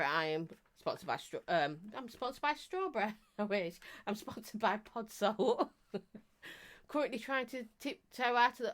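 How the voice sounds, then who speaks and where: A woman's voice: medium pitch, a bit bright. A woman hosting a live stream, chatting casually and rambling as she greets viewers and laughs often.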